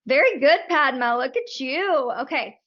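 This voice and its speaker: A woman's voice: sits high, expressive, normal speed, lo-fi sound. A woman coaching photographers on a live video call, talking in a friendly, frank and chatty way.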